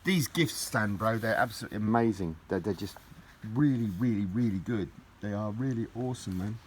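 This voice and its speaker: A middle-aged man speaks with a fairly low voice. He rambles and gushes, repeating his words as he chats casually. A faint hum of room noise sits under him. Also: a little fast. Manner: gushing, rambling, repeats himself. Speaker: collector vlogger opening parcels. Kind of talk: casual unboxing chat.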